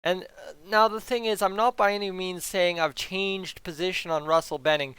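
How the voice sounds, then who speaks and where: A chatty man previewing a hockey game, talking straight to his viewers with easy energy. His voice sits high and comes through clean and smooth, close on the mic in a dry room. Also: steady tone, moderate pace, fairly bright tone, no echo. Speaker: hockey YouTuber. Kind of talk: casual game preview commentary.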